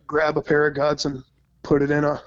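A man's voice: fairly high pitch, monotone, a little fast. A man from Minnesota, a podcast guest, talking casually and rambling a bit, with some swearing. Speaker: podcast guest, goose-calling competitor. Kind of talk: casual chat. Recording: dull lo-fi sound.

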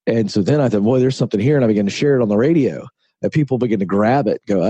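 Man, low voice, mellow and husky, earnest interview storytelling, dry sound. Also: rapid-fire, no room sound. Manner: earnest, storytelling, emphatic repetition. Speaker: author and broadcaster, guest. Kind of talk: conversational interview.

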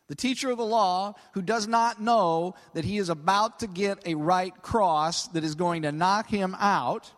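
A man's voice: high-pitched, normal speed, hardly any pauses, fairly bright tone. A middle-aged man preaching a conversational sermon, often checking in with "okay?" and stretching key words for emphasis. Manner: conversational, peppered with 'okay?'. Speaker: pastor. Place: large church hall. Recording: long hall reverb.

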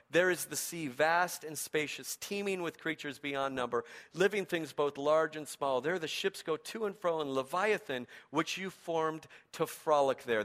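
A male pastor preaching a sermon with animated, humorous storytelling. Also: mid-range voice.

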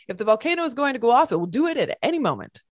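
A woman voicing an urgent, bossy old male professor in a storybook read-aloud, shouting and hurried. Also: fairly high pitch, very animated, no room sound, studio quality, voice pushed up.

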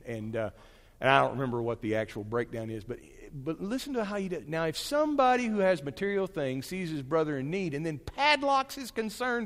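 A man teaching in a chatty, animated way. His pitch swings widely as he drifts into asides and restarts his sentences. His voice rings with the long reverb of a big hall. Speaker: Bible teacher. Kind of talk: conversational church teaching.

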